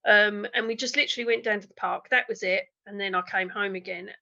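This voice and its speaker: Gravelly, bright-voiced chatty woman in her fifties. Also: mid-range voice, steady tone, fast talker. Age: 50s. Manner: chatty, candid, self-deprecating, lots of fillers. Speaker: interview guest, diet consultant. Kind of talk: casual conversational interview over video call. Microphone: video call. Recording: dull lo-fi video call audio.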